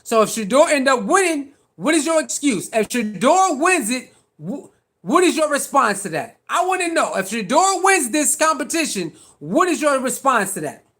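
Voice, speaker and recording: A man's voice: very high voice, sing-song, moderate pace, bright, forceful tone. A man hosting a sports talk stream, arguing with his chat in casual slangy speech and hammering the same pointed rhetorical questions again and again. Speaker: sports talk show host. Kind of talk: live-stream commentary answering chat.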